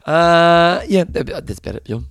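Lively gravelly New man. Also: on the high side, normal speed, no room sound, clean studio sound. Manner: animated, rambling, laughs often. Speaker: podcast co-host. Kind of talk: casual chat.

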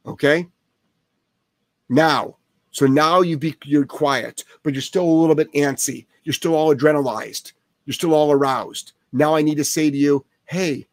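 A man's voice: a little high, dry recording. A man hosting a live Q&A as a dog trainer, talking bluntly and emphatically, swearing freely and repeating phrases for effect. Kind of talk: casual live-stream Q&A.

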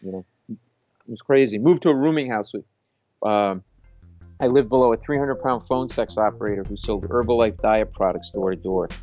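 A man, a comedian, telling an animated anecdote in conversation, acting out the people he quotes and laughing as he goes. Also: on the low side, moderate pace, muffled recording, faint music behind. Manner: acts out quoted voices, laughs mid-story. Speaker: stand-up comedian guest.

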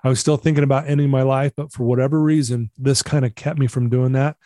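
A man's voice: medium pitch, fairly even intonation, fast talker, warm tone, dry recording, clean studio sound. A man telling a personal story as a podcast guest, earnest and confessional, acting out the dialogue he quotes. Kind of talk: storytelling interview.

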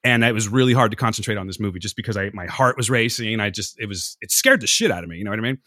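A man's voice: fairly low pitch, rapid-fire, no room sound, studio quality. A man, hosting a podcast and telling rambling, profane stories. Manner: animated, profane, jumps between anecdotes. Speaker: podcast host. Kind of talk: casual storytelling chat.

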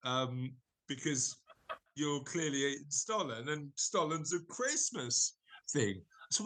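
A man hosting a casual podcast, his voice bright and forward. He rambles, restarts his sentences and keeps slipping in jokes. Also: fairly high pitch, lively intonation, takes it slowly. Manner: rambling, self-correcting, jokey. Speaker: podcast host. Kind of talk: casual chat.

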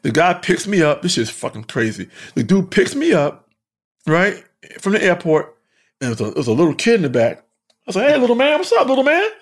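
Male comedian, casual storyteller, bit high and very lively delivery, swears a lot. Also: a little fast. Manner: animated, profane, laughs often. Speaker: stand-up comedian.

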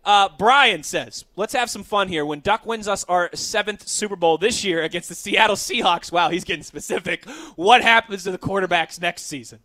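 A man's voice: high-pitched, normal speed, hardly any pauses, pushed and bright, dry recording. A man co-hosting a sports radio show, chatting casually and reading listener questions aloud. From Pittsburgh area. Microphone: studio microphone.

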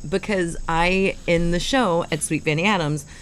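A woman's voice: on the low side, normal speed, a little hiss or hum. A woman in casual chat, playful and self-conscious, tripping over certain words.

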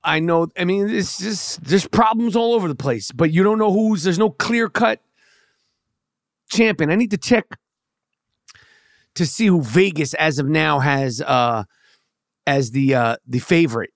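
A man's voice: a little high, unhurried, long pauses, dry recording, clean studio sound. A man with a New York accent hosting a podcast, ranting heatedly with lots of profanity and stammered restarts. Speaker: podcast host. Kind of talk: casual monologue rant.

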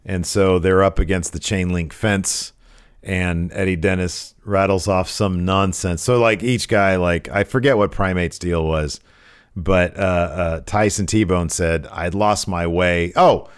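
A man co-hosting a podcast, recapping wrestling in an animated, jokey way. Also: sits low, unhurried, clear, resonant tone. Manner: animated, jokey, puts on mock voices. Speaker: podcast co-host. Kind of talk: casual wrestling recap chat.

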